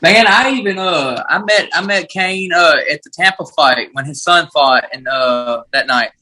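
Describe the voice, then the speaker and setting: Male fighter, 30s, bright forceful tone; loose, rambling interview answers. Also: fairly high pitch, moderate pace, poor audio. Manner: laid-back, rambling, many "uh" and "man" fillers. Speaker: bare-knuckle fighter.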